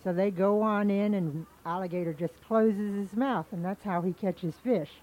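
A woman telling an animal folktale aloud in a homely, unhurried storytelling manner. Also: mid-range voice, darkish tone, lo-fi sound.

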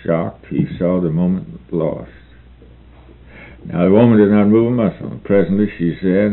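A man reads a novel aloud in a deep, unhurried voice and breaks off for halting, repetitive asides like a lecturer. His tone is gravelly. The recording is thin and phone-like, with a faint hiss underneath. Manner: halting, repeats words between read passages. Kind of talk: reading a novel aloud with commentary.

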